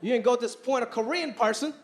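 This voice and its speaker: Animated high-voiced male stand-up comic. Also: fast. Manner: animated, punchy delivery with voice impressions. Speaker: stand-up comedian. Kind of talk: stand-up comedy set. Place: stage in front of a live audience. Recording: noisy live stand-up recording.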